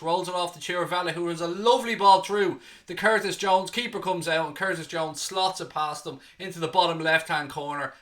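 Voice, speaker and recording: Sweary, bright-voiced Irish-born man commentating. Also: fairly high pitch. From Ireland. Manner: excitable, blunt and sweary. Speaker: fan channel host. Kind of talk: live watchalong commentary.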